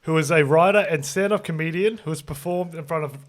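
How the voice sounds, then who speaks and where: A man's voice: on the high side, fairly quick. A man hosting a podcast, introducing his guest and asking questions in an upbeat, casual way. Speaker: podcast host.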